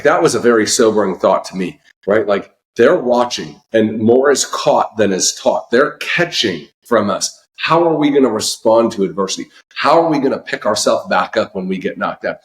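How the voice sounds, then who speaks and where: A man hosting a podcast, asking questions and giving motivational reflections, stressing key phrases. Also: fairly low pitch. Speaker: podcast host. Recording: echoey room.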